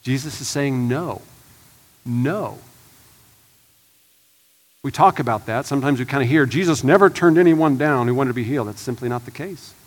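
A man preaching a sermon as pastor, swinging from hushed and slow to loud and urgent. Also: medium pitch. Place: church sanctuary.

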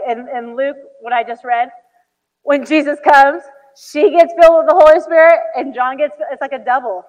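A woman in her thirties preaching a sermon, telling stories animatedly with acted-out quotes and many "like"s. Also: sits high. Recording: dull hall recording.

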